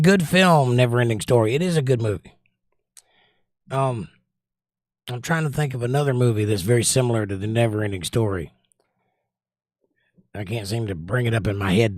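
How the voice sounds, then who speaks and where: A man's voice: medium pitch, dry recording, studio quality. A Southern American man hosting a livestream, reading viewer comments aloud in a casual, chatty way and giving firm, opinionated takes. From Southern United States. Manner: opinionated, chatty, recommends movies with strong takes. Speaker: livestream host.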